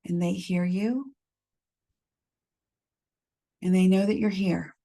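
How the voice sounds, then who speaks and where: A woman leading a support group through a gentle guided reflection, calmly reading out messages from the chat. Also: fairly low pitch, gravelly. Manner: gentle, unhurried, reads chat messages aloud. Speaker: medium leading a healing workshop.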